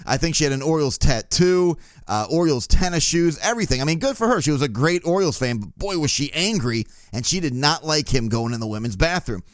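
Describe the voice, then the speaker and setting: A man's voice: fairly high pitch, animated, fast talker, hardly any pauses, no room sound, clean studio sound. A male podcast host telling a profane, laugh-filled anecdote in a casual storytelling style.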